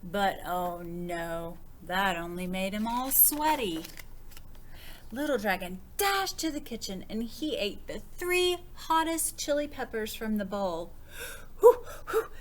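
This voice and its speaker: A woman, a children's librarian, reading a picture book aloud with expressive, child-directed storytelling and questions to her young listeners. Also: medium pitch, a little hiss or hum.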